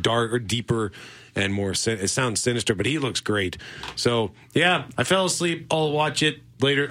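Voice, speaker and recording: A man's voice: fairly low pitch, fairly bright tone. A middle-aged man co-hosting a casual movie podcast, chatty and rambling, laughing often. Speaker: podcast co-host. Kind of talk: casual chat about movies.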